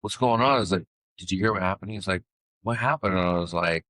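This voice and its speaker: Low-pitched and sharp, this middle-aged podcast co-host talks quickly, spinning rambling stories in casual conversation. Fillers pepper his speech, and there's no echo on the recording.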